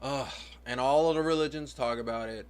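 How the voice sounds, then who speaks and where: A man's voice: mid-range voice, fairly quick, smooth. A man who is a parent, talking to camera in a casual, rambling monologue that philosophizes and repeats itself. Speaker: vlogger and parent.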